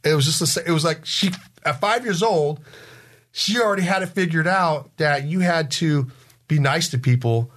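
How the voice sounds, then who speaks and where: A man in his forties with a slightly high, fairly bright voice tells family stories in a casual chat. He rambles and halts, restarting sentences and acting out what his relatives said.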